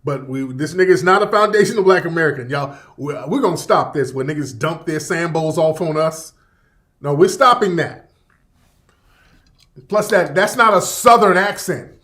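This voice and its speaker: A man with a notably high voice for a man rants casually on a livestream. He is emphatic and profane, hammering the same points again and again. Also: normal speed, fairly bright tone. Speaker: livestream commentator.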